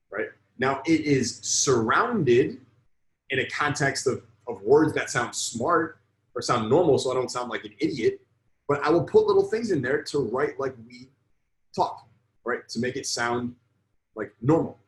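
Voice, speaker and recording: A man in the middle pitch range teaches a live sales lesson to an online group. He talks bluntly and with emphasis, swearing often to drive his points home. The room around him has a noticeable echo. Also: expressive, moderate pace. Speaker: sales coach.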